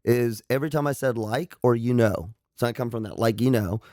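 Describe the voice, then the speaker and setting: A man's voice: mid-range voice, brisk, darkish tone, no echo, studio quality. A man co-hosting a radio show, chatty and full of questions, rambling in casual banter.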